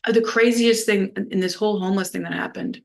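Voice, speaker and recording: A woman's voice: medium pitch, fairly even intonation, quick pace, vocal fry. A woman from New Orleans telling a candid personal story, rambling with lots of "like" and blunt swearing. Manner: rambling, heavy use of "like", blunt and profane. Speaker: vlogger.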